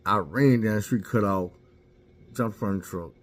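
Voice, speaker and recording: A man's voice: fairly low pitch, normal speed. A man casually telling a candid, profane story about himself and mocking his own mistakes.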